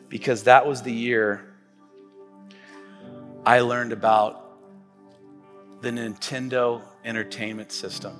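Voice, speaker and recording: A man in his forties, a pastor delivering a sermon in a relaxed storytelling way, full of fillers and restarts. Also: medium pitch, in a large hall. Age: 40s. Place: church stage.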